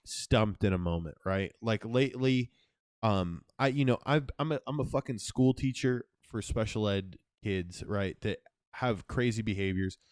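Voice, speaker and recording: A young man co-hosting a casual podcast, telling a story in a profane, animated way. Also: medium pitch, no room sound, studio quality. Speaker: podcast co-host.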